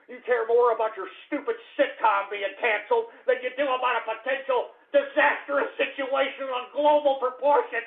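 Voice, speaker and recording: A man with a strikingly high, gravelly voice rants on his own talk radio show, cursing and calling out his listeners. The sound is thin and tinny, like it is coming through a phone line. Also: steady tone, normal speed, few pauses. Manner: ranting, swearing, shouting then muttering; repeats exclamations, addresses listeners as folks. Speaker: internet radio host.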